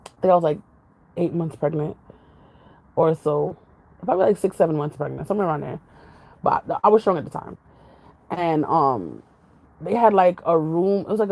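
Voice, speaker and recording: A woman's voice: on the low side, fairly quick, pauses often, a little mellow, low-quality recording. A woman vlogger in casual, rambling chat with her viewers, jumping from topic to topic. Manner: jumps from topic to topic, chatty, laughs often.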